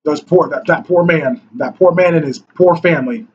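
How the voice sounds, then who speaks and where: Husky high-voiced man ranting angrily. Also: moderate pace, muffled recording. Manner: angry, preachy, mocking opponents in whiny voices. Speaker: political commentator. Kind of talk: ranting monologue to camera.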